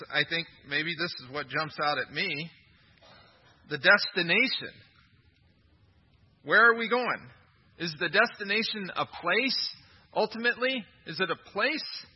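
Male pastor, sermon delivery, emphatic and questioning, breathy tone, dull lo-fi recording. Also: a little high. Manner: emphatic, asks the congregation questions.

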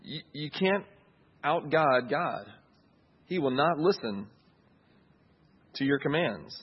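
Husky-voiced man preaching a sermon. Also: fairly high pitch, expressive, slow, highs cut off. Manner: conversational preaching, asks listeners "right?". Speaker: pastor.

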